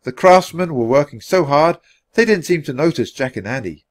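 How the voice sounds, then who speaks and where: A man reading a children's chapter book aloud for English learners in a clear, expressive way. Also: a little high, normal speed. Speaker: storybook reader.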